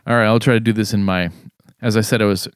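A man with a lowish voice reads out his own sardonic commentary, wry and a little tipsy. The sound is dry and close, with no room around it. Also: fairly even intonation, quick pace, no echo. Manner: wry, sardonic delivery with throat clearing. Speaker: podcast co-host. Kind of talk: casual chat and read-aloud commentary segment.

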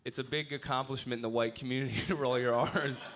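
A man's voice: medium pitch, steady tone, quick pace, background noise. A man bantering on a live comedy podcast, teasing and blunt, swearing freely. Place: comedy club stage. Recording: live club with crowd.

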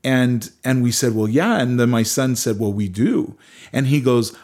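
A man's voice: mid-range voice, normal speed, darkish tone. A middle-aged man, a musician guest, talking earnestly in a casual interview, often restarting his sentences. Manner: earnest storyteller with many restarts. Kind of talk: casual conversation.

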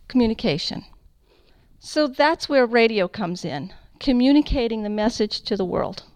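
A middle-aged woman giving a personal faith testimony to an audience, telling her story in a lively, emphatic way. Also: a little high, smooth, no echo, poor audio. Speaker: founder of a Catholic radio ministry.

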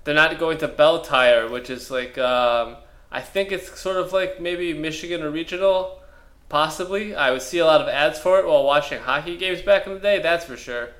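A man co-hosting a comedy podcast, rambling and deadpan as he riffs on an imagined movie. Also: fairly high pitch, moderate pace. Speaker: podcast co-host. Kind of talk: casual comedic chat.

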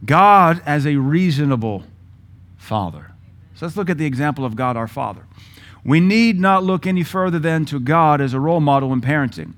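A man's voice: on the high side, animated, moderate pace. A middle-aged man preaching a sermon, emphatic, listing words in punchy bursts. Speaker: pastor.

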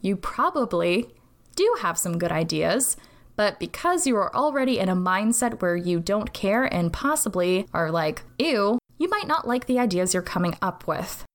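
A woman's voice: medium pitch, very animated, normal speed. A woman hosting a casual solo podcast, giving advice with sarcastic jokes, swearing and playful asides. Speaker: podcast host.

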